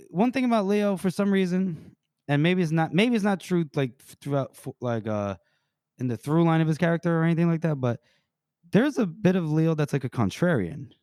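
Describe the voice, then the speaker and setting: A man's voice: on the high side, lively intonation, normal speed, a little mellow, clean tone, dry recording, studio quality. A man co-hosting a casual book podcast who talks in a rambling way and acts out the characters' lines. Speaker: podcast co-host.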